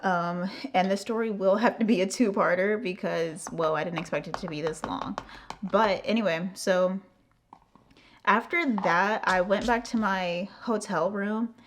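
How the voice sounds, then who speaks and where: A young woman from the United States telling a casual storytime on her channel, animated and swearing freely, acting out the other person's lines and padding her talk with "like". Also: mid-range voice, a little slow, a little hiss or hum. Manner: animated, swearing, acting out quotes, frequent "like" fillers. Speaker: vlogger.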